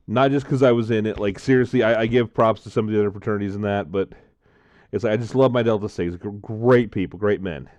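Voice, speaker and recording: A man's voice: lowish voice, a little mellow, no room sound, lo-fi sound. A man vlogging casually, tasting drinks and telling a story, rambling with lots of fillers.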